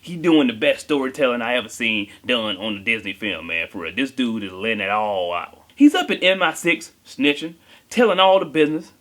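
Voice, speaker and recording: A man's voice: medium pitch, sing-song, a little fast, a bit bright. A man giving a comedic movie review, talking in a joking, slangy way.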